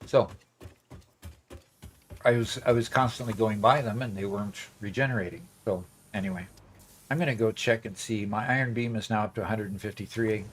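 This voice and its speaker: A man's voice: fairly low pitch, fairly quick, slight background noise. A man chatting casually on a gameplay livestream, rambling with fillers as he plays. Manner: rambling, many fillers and restarts. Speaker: streamer.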